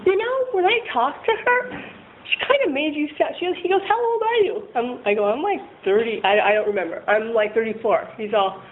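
Over a tinny, phone-like connection with a bit of background noise, a woman shares her recovery journey openly and self-deprecatingly, laughing a lot as she wanders through it. Her voice is high and fairly quick.

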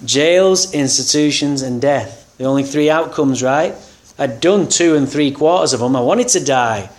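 A man's voice: medium pitch, measured pace. A man telling a candid, wry personal story about his recovery, acting out the people in it. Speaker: speaker sharing a recovery story.

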